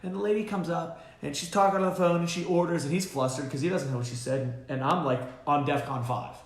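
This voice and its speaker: A man, a dog trainer hosting a casual live Q&A, who talks in an animated, storytelling way full of fillers and restarts. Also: fairly high pitch, fast. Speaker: dog trainer and show host. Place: boarding kennel room. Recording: roomy kennel room.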